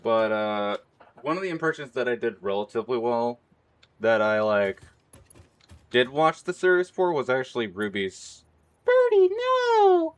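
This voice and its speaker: A hoarse man streaming and chatting casually, rambling and laughing often. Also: mid-range voice, expressive, normal speed. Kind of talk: casual live-stream chat.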